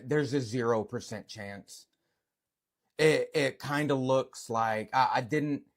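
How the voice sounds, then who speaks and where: Guy ranting on video, slow husky voice, stumbles over his words a lot, swears. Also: mid-range voice. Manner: stammering, repeats words, swears. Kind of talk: emotional video rant.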